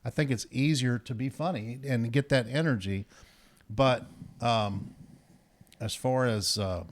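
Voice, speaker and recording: Chatty Midwestern podcast co-host. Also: male voice, mid-range voice, a little slow, a little hiss or hum. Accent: Midwestern American. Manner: chatty, explanatory. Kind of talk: casual chat.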